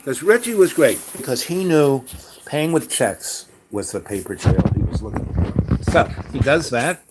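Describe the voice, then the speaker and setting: A man's voice: medium pitch, measured pace, background noise. Rambling New man telling stories. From New York. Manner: rambling, animated, many restarts and asides. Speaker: storyteller. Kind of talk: casual spoken storytelling.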